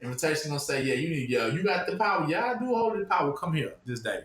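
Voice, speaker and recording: Man, informal preacher, high voice, asks listeners to fill in words, echoey room. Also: big pitch swings, quick pace, a bit bright. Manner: asks the audience to fill in the word with "what?".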